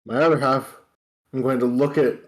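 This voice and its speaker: A man playing a tabletop game, speaking slowly and deliberately. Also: medium pitch, steady tone. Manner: slow, deliberate. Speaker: player. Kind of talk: casual tabletop play.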